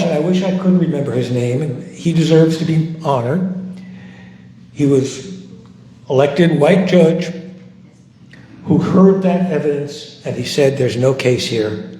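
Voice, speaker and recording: A man's voice: a little high, dark tone. Older man telling a story in an echoey hall. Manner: reflective, halting with restarts. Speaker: guest speaker, former civil rights volunteer. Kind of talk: storytelling at a post-screening discussion. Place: large hall. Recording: echoey hall, faint noise.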